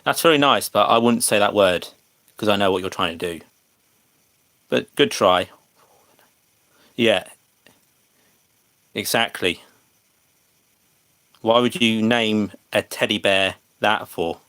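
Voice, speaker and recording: A man's voice: lowish voice, slow, long pauses, fairly bright tone, no room sound. An English man chatting casually to viewers on a livestream, hesitant and full of fillers and restarts. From England.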